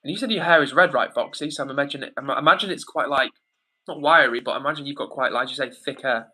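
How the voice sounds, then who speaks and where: A man's voice: mid-range voice, quick pace, sharp tone, slightly rough. A young man hosting a livestream, reading viewer comments aloud and answering in a rambling, chatty way with many fillers. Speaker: livestream host reading chat. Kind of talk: casual live chat.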